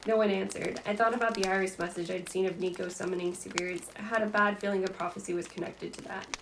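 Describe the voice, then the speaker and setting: Woman host, ASMR book reading; soft, gentle narration with vocal fry. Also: medium pitch, fairly even intonation, fast, background noise. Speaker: podcast host reading aloud.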